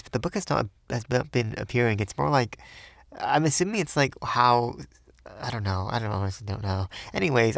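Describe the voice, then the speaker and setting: A man's voice: fairly low pitch, no room sound, clean studio sound. A man who narrates audiobooks, reading and then chatting casually in a rambling, self-deprecating way full of fillers.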